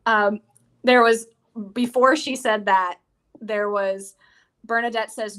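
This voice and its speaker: A woman's voice: fairly high pitch, fairly even intonation, takes it slowly, a bit bright, clear, resonant tone. Enthusiastic woman retelling film scenes. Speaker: podcast co-host. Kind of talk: casual film discussion.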